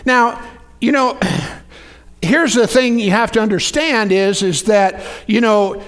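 A man preaching a sermon, folksy and lively, calling out to the congregation for responses. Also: high voice, takes it slowly.

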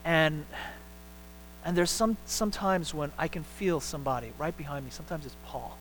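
A man preaching a sermon as a pastor in a church, talking in an animated way with many repeated words and restarts, climbing up for his emphatic points. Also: on the high side, normal speed, a little hiss or hum, low-quality recording. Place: church sanctuary.

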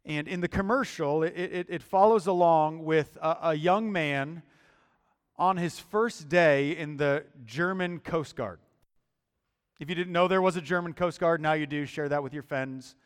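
Slow, resonant preacher in a reverberant hall. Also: male voice, on the high side, clean tone. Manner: deliberate, emphatic preaching with repeated words. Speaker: pastor. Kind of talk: sermon.

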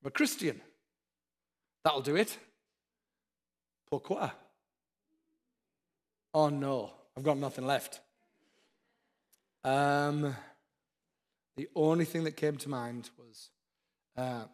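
A man's voice: a little high, slow pace, pauses often. A man preaching a sermon, with earnest, repeated exhortations. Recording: long hall reverb.

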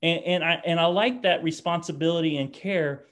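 A man's voice: fairly high pitch, normal speed, a bit bright. A man giving an informal talk on disability and faith, speaking casually with frequent restarts and tag questions. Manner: casual, restarts often, tags lines with "right?".

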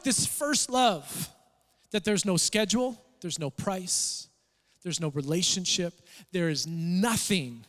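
A man preaching a sermon, telling stories with acted-out quotes in an animated, conversational way. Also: sits high. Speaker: pastor. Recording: reverberant church hall.

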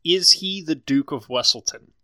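A man's voice: on the high side, normal speed, bright, forceful tone, no echo. A man chatting casually as a player and regular of the show, jokey and blunt, swearing freely. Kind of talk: casual chat.

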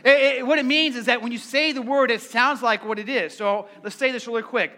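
A male pastor with a high, bright voice delivers a sermon. He talks conversationally, repeating words as he goes, and keeps inviting the congregation to join in. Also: steady tone, brisk.

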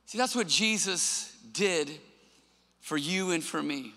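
A man giving a sermon as pastor in a church, earnest and emphatic, in a long hall reverb with soft music behind. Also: a little high, lively intonation, slow pace.

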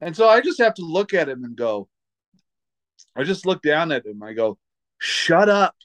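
A man's voice: a little high, very animated, normal speed, no echo. A man chatting casually as a stand-up comedian co-host, telling stories about shows, swearing and laughing. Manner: storytelling, swears freely, laughs a lot. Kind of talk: casual podcast chat.

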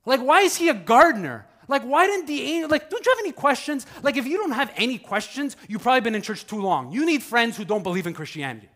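Animated high-voiced male pastor. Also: quick pace, hardly any pauses. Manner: conversational, animated, swings from loud to hushed. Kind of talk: sermon.

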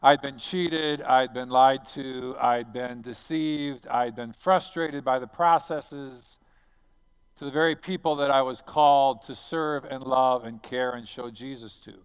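A man who is a missionary preacher, telling a personal story as a sermon. He talks dramatically, swinging from hushed to loud. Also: mid-range voice, steady tone, measured pace, clear, resonant tone.

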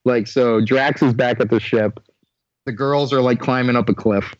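A man co-hosting a casual podcast chat, recapping a movie in an animated, swearing, filler-heavy way. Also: medium pitch, moderate pace, dry recording, lo-fi sound. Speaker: podcast co-host.

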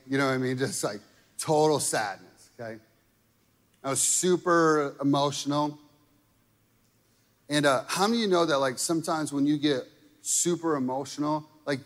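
A man's voice: medium pitch, in a large hall. A man preaching a sermon in a casual, conversational way, often checking in with the crowd by asking "right?" and "okay?". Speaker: pastor.

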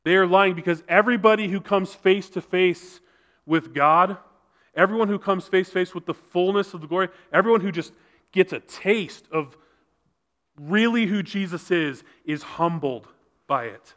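A male pastor delivers his sermon with earnest conviction, now and then sinking to a hushed, intense register to press a point. His voice sits somewhat high and rings bright and forceful. The sound carries a long reverb tail, as in a large hall. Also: moderate pace. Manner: earnest preaching, drops to soft intense tones for emphasis.

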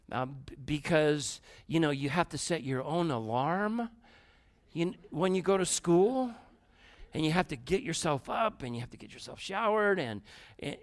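Animated man preaching to a room. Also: on the high side. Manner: animated, swings between quiet asides and loud emphatic bursts; conversational, addresses the audience directly. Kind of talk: storytelling sermon. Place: room with a live audience.

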